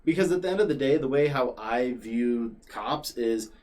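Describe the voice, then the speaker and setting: Animated young man telling stories. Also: medium pitch, moderate pace. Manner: animated storyteller, many fillers like "like". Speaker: podcast guest and former regular. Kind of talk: casual podcast chat.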